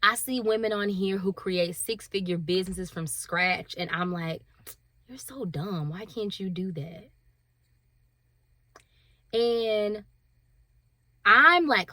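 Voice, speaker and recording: A stay-at-home mom in her thirties talks candidly and emotionally to camera in a confessional way, laughing at herself and acting out her inner voices. Her fairly low voice is a bit bright, with no room sound.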